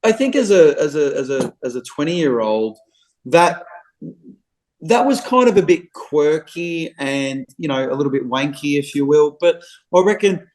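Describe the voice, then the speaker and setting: A man's voice: fairly high pitch, animated, measured pace, a little mellow, rough recording. A middle-aged man with an Australian accent, a real estate agent telling anecdotes in a casual podcast interview. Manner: chatty, anecdotal storyteller.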